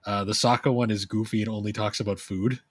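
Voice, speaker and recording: A young man co-hosting a podcast, telling stories in a rambling, animated way. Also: on the low side, fast talker, no room sound. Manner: rambling, animated storytelling with laughs. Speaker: podcast co-host. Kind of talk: casual chat.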